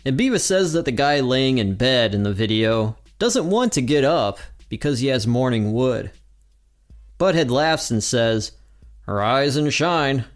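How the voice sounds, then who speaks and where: A man hosting a podcast, recapping a cartoon episode in lively storytelling narration. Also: medium pitch, a little slow. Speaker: podcast host.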